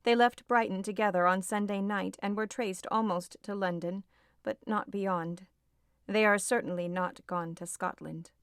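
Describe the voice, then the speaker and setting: A woman's voice: medium pitch, steady tone, normal speed, no room sound, close to an everyday voice. A woman reading an audiobook voices a distraught young woman, agitated and close to tears. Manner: agitated, tearful pleading.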